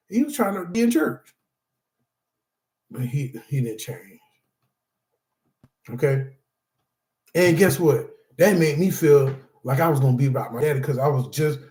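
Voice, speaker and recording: A man's voice: on the high side, darkish tone, reverberant. A middle-aged man teaching anger management through personal testimony, talking emphatically and repeating himself, often calling the listeners "y'all". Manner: emphatic, repetitive, addresses audience as y'all.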